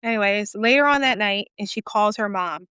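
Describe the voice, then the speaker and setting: A woman co-hosting a podcast, telling a story in a casual, animated way, acting out quoted voices with sassy asides. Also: medium pitch, moderate pace, clean tone, no echo, studio quality. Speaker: podcast co-host.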